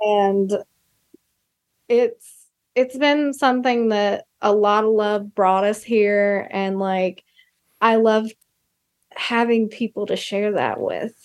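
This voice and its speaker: A woman's voice: mid-range voice, fairly even intonation, slow pace, long pauses, no room sound. A young woman, a filmmaker guest on a podcast, talking in an emotional, gushing way that comes in fits and starts. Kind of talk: casual podcast chat.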